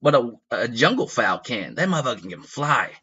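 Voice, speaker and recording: A man spinning a loose, profane story with a bright, forceful tone, circling back on himself and chuckling at his own tale. His pitch sits in the middle range. The recording sounds slightly dull and muffled. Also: very animated, moderate pace, husky. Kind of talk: casual comedic storytelling.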